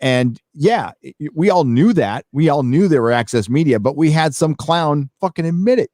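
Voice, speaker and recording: This livestream host's fairly high voice is expressive and darkish, moving at a moderate pace with few pauses. He reads donations during an emphatic, profane casual rant full of fillers and freely used swear words, captured in a dry, clean studio recording.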